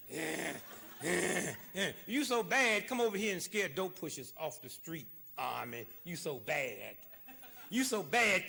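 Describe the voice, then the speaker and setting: A man giving an impassioned, sarcastic lecture, swinging between shouting and hushed asides. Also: fairly high pitch, gravelly, slightly rough. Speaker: public speaker. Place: lecture hall.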